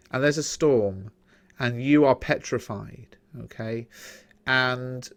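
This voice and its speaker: English man teaching a Bible lesson. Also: mid-range voice. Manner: conversational, explanatory, tags points with "okay?".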